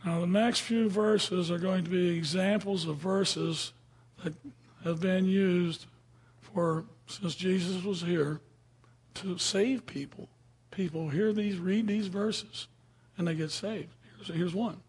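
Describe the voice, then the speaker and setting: A man's voice: sits high, fairly even intonation, slow, darkish tone, breathy edge. A man teaching from the Bible in a casual, conversational way, often asking his listeners questions. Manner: conversational, asks the audience questions. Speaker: preacher.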